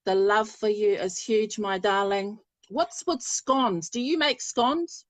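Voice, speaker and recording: A woman's voice: medium pitch, slow, dry recording. A woman giving a live psychic reading, chatty and affectionate, often laughing. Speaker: spiritual medium.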